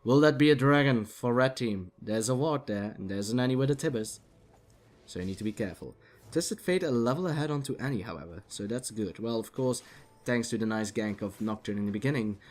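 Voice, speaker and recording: A man calling a video game match by himself, chatty and lively, now and then talking straight to the players on screen. His voice is a little dry and rough from talking. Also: fairly low pitch, a little fast, faint music behind. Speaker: game commentator. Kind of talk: solo esports commentary.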